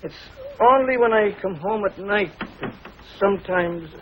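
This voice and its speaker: An actor playing a lonely, warm-hearted older Irish tailor, with a husky voice and a lilting Irish brogue. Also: male voice, high voice, expressive, a little slow, slight background noise. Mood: wistful, coaxing. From Ireland. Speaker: visiting cousin, a tailor. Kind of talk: 1950s TV sitcom acting. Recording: dull lo-fi 1950s TV audio.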